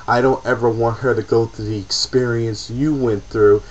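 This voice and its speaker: An emotional man delivers a profane, repetitive rant straight to camera in an ordinary mid-pitched voice. The audio is dull and lo-fi, like a cheap webcam mic. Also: fairly even intonation, normal speed, darkish tone. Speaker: vlogger. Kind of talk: impassioned personal rant to camera.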